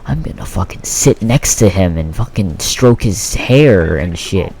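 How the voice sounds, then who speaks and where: A man's voice: sits low, animated, measured pace, creaky, darkish tone, slight background noise, voice pushed down, heavily acted. A guy mimicking a gushing teenage girl. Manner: crude, gushing. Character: boy-crazy teenage girl classmate, gushing.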